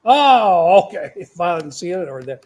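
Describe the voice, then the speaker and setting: A man's voice: high-pitched, big pitch swings, normal speed, a little mellow. An older man, rambling folksy stories to his grandchildren as host of a casual chat. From Texas.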